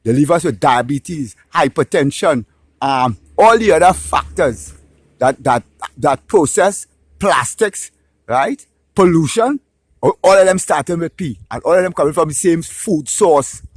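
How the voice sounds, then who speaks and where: Trini guy with a high voice ranting casually, swears a lot, keeps saying right?, dry sound. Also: measured pace, slightly rough, no room sound. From Trinidad and Tobago. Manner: animated, ranting, swears, tags lines with "right?". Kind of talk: casual opinionated monologue.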